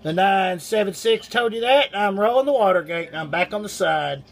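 High-voiced man calling on CB radio. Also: lively intonation, a little fast, vocal fry, crowd noise. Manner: folksy, uses radio call-sign lingo. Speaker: CB radio operator. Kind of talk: CB radio chat. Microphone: iPhone.

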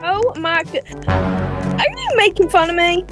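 A woman's voice: extremely high pitch, wildly swooping pitch, a little slow, fairly bright tone, soft background music, voice pushed up, exaggerated voice. A girl doing a fake Southern drawl as a feisty Texan farm wife in game voice chat.

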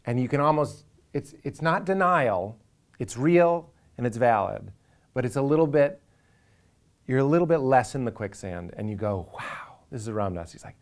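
A man's voice: medium pitch, animated, normal speed. A man, a comedian talking earnestly and with animation in a reflective interview, now and then acting out inner voices for a laugh.

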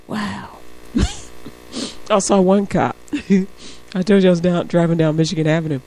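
A woman's voice: lowish voice, normal speed, pauses often. A woman radio host telling a story in a casual on-air monologue. She acts out the voices of the people in it and laughs often between remarks. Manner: animated storyteller acting out quoted voices. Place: radio studio.

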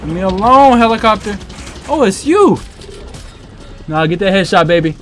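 A young man giving let's-play commentary over a shooter game, excitable and slangy, talking to the game's characters and yelping loudly when he gets into fights. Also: high voice, a little fast, pauses often. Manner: slangy, joking asides. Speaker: gaming streamer. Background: game music and gunfire.

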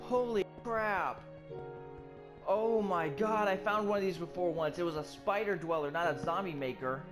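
Here a let's play gamer talks through live gameplay at a moderate pace, cursing constantly and flipping from startled yelps to muttered asides. The pitch sits in the middle range, and clear music plays underneath throughout.

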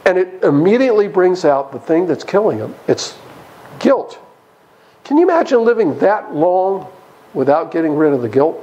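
A man teaches a Bible study class in a church setting. His voice sits fairly high and swings widely in pitch. He keeps asking his listeners questions and acts out the characters' lines as he tells the story. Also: sing-song, moderate pace, mellow, highs cut off. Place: church hall.

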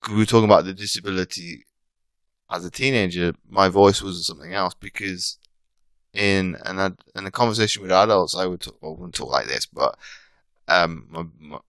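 Very deep-voiced British man, rambling. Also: normal speed, gravelly, fairly bright tone, no room sound. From Britain. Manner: rambling, frequent restarts and self-corrections. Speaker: podcast guest, coach. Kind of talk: casual interview chat.

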